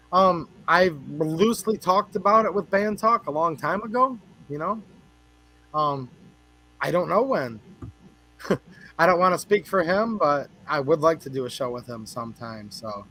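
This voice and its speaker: A man's voice: on the high side, pushed and bright, poor audio. Chatty man hosting a livestream. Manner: chatty, rambling, jokes with chat. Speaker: livestream host. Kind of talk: casual livestream chat, greeting viewers.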